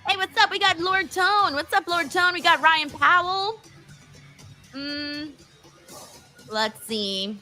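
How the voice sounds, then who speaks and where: High, bright-voiced woman streamer. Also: animated, slow, pauses often, soft background music. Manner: chatty, reads viewer names, laughs often. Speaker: livestream host. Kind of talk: casual watchalong chat.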